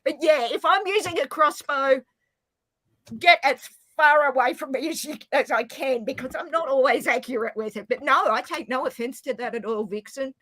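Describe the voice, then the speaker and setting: A woman with an Australian accent, chatting casually as a guest on a stream, joking and quick to apologise. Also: high-pitched, fairly bright tone. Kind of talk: casual chat.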